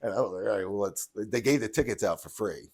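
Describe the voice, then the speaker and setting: A man co-hosts a podcast, chatting casually and telling animated stories full of laughter. His voice is lowish and quick, with a crowd audible in the background.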